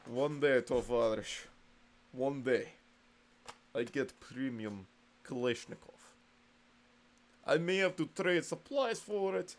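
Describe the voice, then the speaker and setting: A man doing a put-on Russian accent, playing a comic Russian soldier who talks in broken English and fusses over his rifle with gruff comrade bravado. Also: fairly high pitch. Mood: dreamy.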